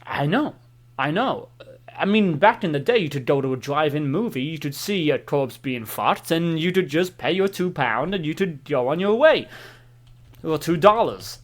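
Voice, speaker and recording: A man's voice: fairly high pitch, expressive, normal speed. A young man co-hosting a satirical comedy podcast, rambling and stumbling over restarts as an opinionated film bro. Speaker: podcast co-host.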